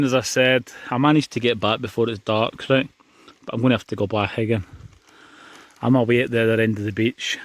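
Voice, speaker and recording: A chatty Scottish man talks casually to his viewers, outdoors on a beach. His pitch sits in a middle range. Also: dry recording. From Scotland. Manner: chatty, addresses viewers as guys. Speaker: vlogger. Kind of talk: casual outdoor vlog chat.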